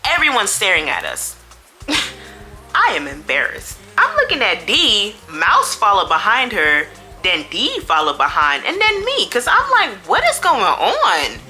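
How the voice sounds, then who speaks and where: A woman vlogger telling a storytime in a chatty, slangy, animated way. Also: medium pitch, unhurried, faint music behind. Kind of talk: casual storytime.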